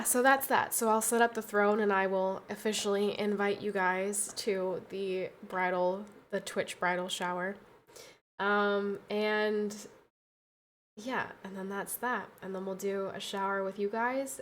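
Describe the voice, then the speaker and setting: A young woman streaming a casual chat, tired and tearful, talking softly with many pauses and restarts. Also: medium pitch, a little hiss or hum. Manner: soft, halting, full of fillers and restarts.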